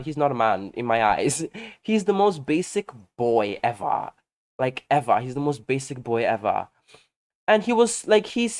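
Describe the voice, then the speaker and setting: A man chats over his gameplay like he's spilling tea to a close friend. His voice is lively, with a pitch that leaps and dips through every story. He sounds sassy and gossipy, and he laughs easily. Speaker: game content creator.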